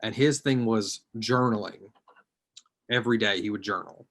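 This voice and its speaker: A male social work student on an online panel gives personal testimony in a lowish, creaky voice at a normal pace. He sounds hesitant and reflective, his voice often trailing quietly away.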